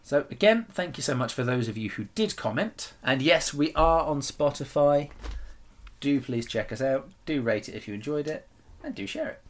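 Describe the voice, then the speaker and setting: A man's voice: medium pitch, lively intonation, moderate pace. A man co-hosting a casual podcast, jokey and teasing, often laughing as he talks. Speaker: podcast co-host.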